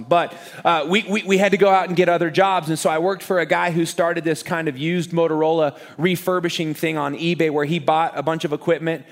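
High-voiced animated pastor preaching. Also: male voice. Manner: animated, self-deprecating, repeats words for emphasis. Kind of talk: sermon.

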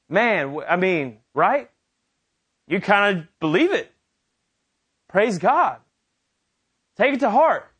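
Sex: male. Role: preacher. Style: conversational sermon. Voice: high for a man. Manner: animated, conversational storytelling.

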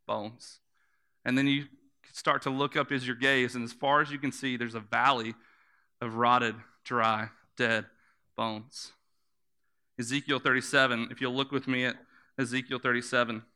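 A man preaches with a medium-pitched voice that is bright, forceful, clear and resonant. He tells the story in vivid images, repeats words for emphasis, and asks listeners to close their eyes and imagine.

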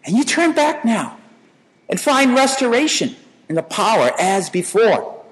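Male preacher, high animated voice, chatty sermon delivery, hall reverb. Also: unhurried. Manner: conversational, repeats and restarts words.

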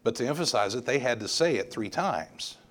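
A man's voice: mid-range voice, animated, brisk, fairly bright tone. A male pastor preaching a sermon, emphatic and repeating words for stress.

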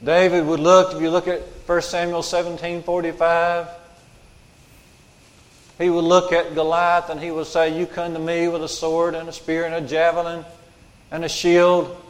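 A man's voice: on the high side, completely flat delivery, moderate pace. A man preaching a sermon as pastor, emphatic and repeating his key lines for weight. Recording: long hall reverb.

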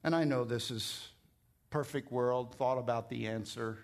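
A middle-aged man preaching a sermon as pastor, emphatic and climbing higher when he presses a point. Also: steady tone, unhurried, vocal fry.

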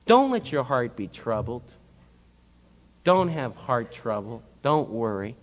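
A man voicing a calm male teacher who speaks softly and reassuringly, with long hall reverb. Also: medium pitch, slow pace, pitched below the performer's own voice.

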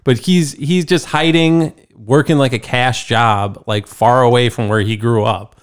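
Man, podcast co-host, casual chat, stammering starts, mid pitch. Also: fairly even intonation, a little slow, clean tone. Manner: chatty, stammers into his points.

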